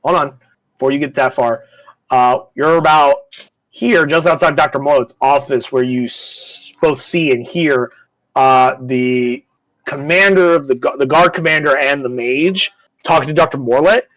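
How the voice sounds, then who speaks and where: A man's voice: mid-range voice, unhurried, a bit bright, dry recording. A man running a tabletop game as game master, narrating in a rambling way and often correcting himself.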